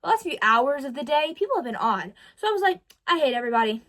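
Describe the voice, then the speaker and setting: Teen girl ranting in a diary vlog, high voice, jumps all over the place, keeps correcting herself. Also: quick pace. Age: teens. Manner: animated storytelling, dramatic ups and downs, self-correcting. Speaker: vlogger.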